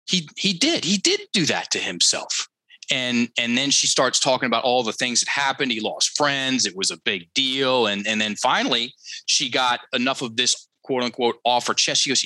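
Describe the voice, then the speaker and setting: Man with a sharp, forceful voice. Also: mid-range voice, lively intonation, moderate pace, no room sound, rough recording. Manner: emphatic, repeats key phrases for effect; addresses listeners directly, teacherly. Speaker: podcast guest. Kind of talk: conversational storytelling.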